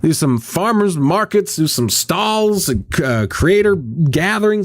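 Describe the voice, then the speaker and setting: A man's voice: high voice, lively intonation, takes it slowly. A man chatting casually on a live stream, rambling, swearing often and reacting to chat as a visual novel voice actor.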